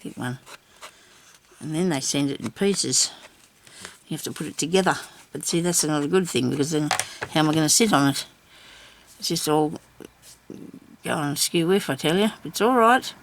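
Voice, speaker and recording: Older aussie lady crafting at home, talks to herself, gravelly voice, bit of faint hiss. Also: low-pitched, normal speed. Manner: chatty, talks to herself, laughs often. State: seated, busy cutting and inking. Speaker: crafter hosting a journal video. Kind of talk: casual crafting chat.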